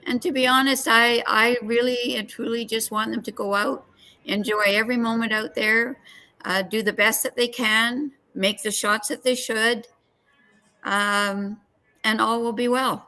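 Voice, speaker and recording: A Canadian woman guest giving an unhurried, warm pep talk about an upcoming game. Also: a little high, fairly even intonation, rough recording. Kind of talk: casual video interview.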